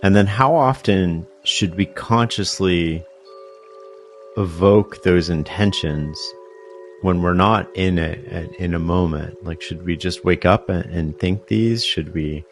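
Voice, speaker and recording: A man's voice: low-pitched, slow pace, faint music behind. A man hosting a podcast interview, asking thoughtful, probing questions. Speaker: podcast host.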